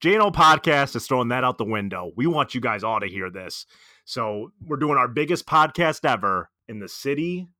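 A man's voice: mid-range voice, animated, moderate pace, bright, forceful tone, dry recording, clean studio sound. A man co-hosting a comedy podcast, hyping things up like an emcee. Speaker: podcast co-host. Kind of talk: comedic banter.

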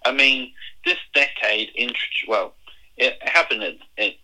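An English man in casual conversation, explaining things in a measured way with plenty of fillers. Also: medium pitch, bright, forceful tone, rough recording. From England. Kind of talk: casual chat.

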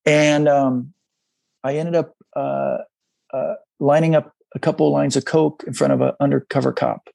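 This is a middle-aged man with a deeply gravelly, husky voice. He speaks in a dry, close sound. He tells his story in a halting, confessional way and briefly takes on the voices of the people in it. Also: little pitch movement, mellow, no echo. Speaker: guest. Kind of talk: candid personal storytelling in a conversation.

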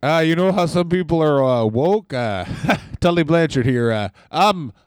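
A man putting on a low, drawling Minnesota accent to play a crude, boastful older ex-wrestler for laughs. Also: animated, unhurried, a little mellow, clear, resonant tone, no room sound, studio quality. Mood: crude boasting.

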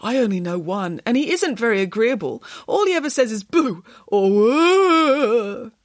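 A woman's voice: on the high side, big pitch swings, brisk, a little mellow, dry recording, clean studio sound, pitched above the performer's own voice. A woman voicing a big, fussy, protective male bear in a storybook reading, dramatic and emphatic.

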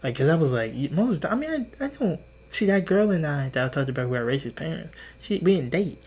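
This podcast host is a man in his twenties whose voice sits a little high, sing-song and a little mellow with some huskiness, and he talks fast. In casual chat he tells rambling, profane stories, starting over and performing the quotes.

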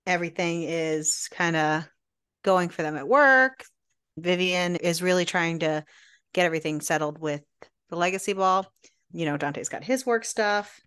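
A woman co-hosting a casual podcast with a slightly low, smooth voice. She summarizes the story at a slow pace and stretches out her words as she goes. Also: a bit bright. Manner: measured summarizing, drawn-out words. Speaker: podcast co-host. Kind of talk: casual book discussion.

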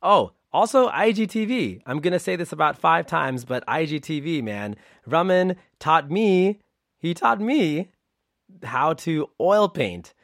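A man giving a casual podcast introduction as host, upbeat and playful, his voice jumping up and then dropping quiet. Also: on the high side, sing-song, measured pace, no room sound, studio quality. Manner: upbeat and playful, with swings in loudness.

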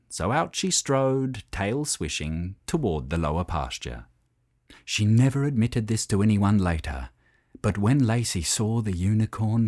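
A man narrating a children's story in an expressive, animated way. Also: fairly low pitch, dry recording, studio quality.

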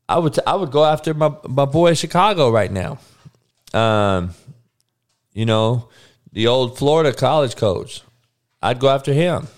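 Here the host of a sports podcast sounds medium-pitched and expressive, speaking a little slowly. He rants casually and crudely about sports, trading remarks with his live chat.

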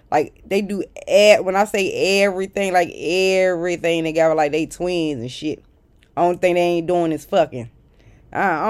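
A woman speaks straight to her viewers in a casual storytime rant. She is blunt, exasperated and heavily profane. Her voice jumps into loud outbursts, then drops to muttered asides. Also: low-pitched. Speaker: vlogger.

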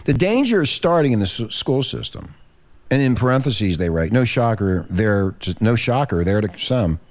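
A man hosting a political talk radio show, emphatic and animated, reading from a text between remarks. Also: moderate pace. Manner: animated, emphatic, swinging from low grumble to high exclaim; reads aloud from a written text between remarks.

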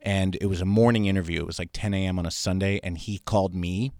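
A man's voice: deep voice, fairly even intonation, fast, darkish tone, no room sound, studio quality. A man hosting a podcast, telling stories in a joking, conversational way. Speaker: podcast host. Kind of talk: casual podcast chat.

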